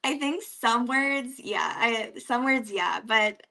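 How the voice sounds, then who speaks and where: A woman's voice: on the high side, slow pace, creaky, sharp tone. A young woman from Canada with an East Coast accent, chatting casually as an interview guest, giggling often and using many "like" fillers.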